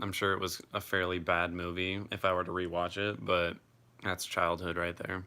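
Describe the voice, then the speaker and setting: Deep, bright-toned young man chatting. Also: normal speed, smooth. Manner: relaxed, chatty, swears freely. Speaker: live streamer. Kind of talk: casual live chat reading comments.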